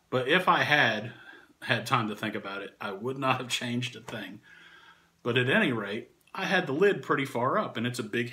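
A man casually telling a funny anecdote, animated and often laughing through the story. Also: mid-range voice. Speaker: channel host and storyteller.

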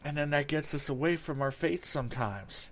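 A man's voice: fairly high pitch, normal speed. A man preaching a sermon in an earnest way, reading verses aloud and often repeating words as he goes.

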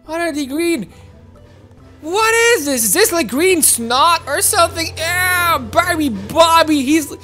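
A woman giving excitable gameplay commentary, squealing, giggling and crying out in panic, with faint game music behind. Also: extremely high pitch, takes it slowly. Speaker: gaming video host.

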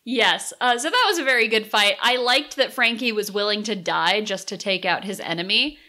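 A woman co-hosting a casual podcast chat, thoughtful and quick to chime in with agreement or a quip. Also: medium pitch, pushed and bright. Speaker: podcast co-host.

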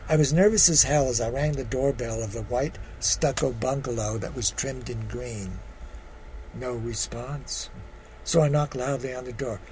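A man's voice: medium pitch, moderate pace, a little mellow, a little hiss or hum, low-quality recording. A man in his eighties, originally from California, who answers interview questions and reads his memoir aloud, often repeating words and hesitating. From California, USA. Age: 80s. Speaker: guest playwright.

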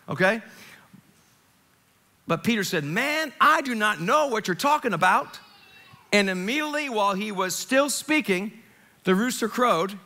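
A middle-aged male pastor giving a sermon, telling the story in a lively, joking way with dramatic retellings. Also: high voice. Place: church sanctuary.

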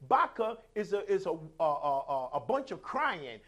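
A high-pitched man preaching a sermon from the pulpit. He swings between sudden shouts and soft, hushed lines, dropping in hallelujahs as he goes. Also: sing-song, measured pace. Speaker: pastor.

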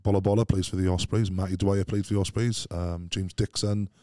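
A man's voice: low voice, little pitch movement, brisk, mellow, no room sound, studio quality. A middle-aged Welsh man telling rambling stories as a podcast guest, dropping "mate" often. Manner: rambling, storytelling, peppers speech with "mate". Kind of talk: casual chat.

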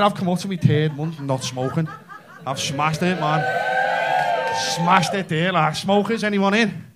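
A man's voice: fairly high pitch, background noise. A man doing a brash, sweary stand-up comedy set and addressing the crowd in a club. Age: 30s. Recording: live club audience laughter. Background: audience laughing and cheering.

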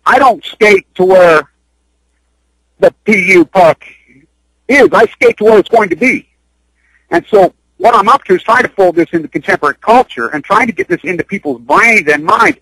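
Male guest, high voice, urgent and rambling, dry radio sound. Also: fairly bright tone, breathy edge, dry recording, poor audio. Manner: urgent, rambling, repeats himself. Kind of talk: impassioned radio interview talk. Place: Utah.

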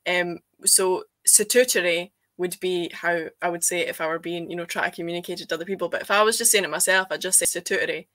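A woman's voice: on the low side, fairly even intonation, fast talker, hardly any pauses, pushed and bright, no echo. A Scottish woman from Scotland chatting enthusiastically as a guest, laughing often. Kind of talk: casual video call chat.

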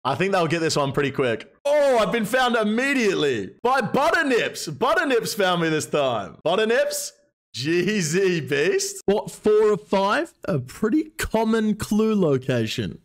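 An excitable male host runs an online game event, cheering each player along. His voice swings widely and sits higher than most men's. He gets loud whenever someone does well. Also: unhurried. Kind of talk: excited live-stream commentary and interviews.

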